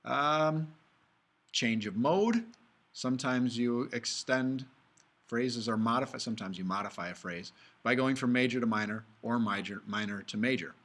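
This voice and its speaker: A man giving a relaxed music theory lecture, talking his way through the slides and breaking into quick sung examples now and then. His voice sits at an ordinary middle pitch, and he keeps the tone informal, as if chatting with a class. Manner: casual, talks through slides, hums and sings examples. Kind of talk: recorded video lecture.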